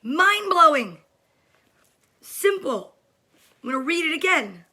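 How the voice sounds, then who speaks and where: Woman host, high clear voice, unhurried, chatty and upbeat, home webcam feel. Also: very animated, noisy background. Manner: upbeat and chatty, greets viewers by name. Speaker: host of a daily kids' livestream. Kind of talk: casual livestream chat to viewers. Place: home room during quarantine.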